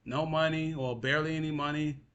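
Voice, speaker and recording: In a lo-fi recording, a young male vlogger vents frustration to his viewers in a voice on the high side, steady in tone, a little fast, and fairly bright. He repeats himself, curses, and addresses the listener as "bro."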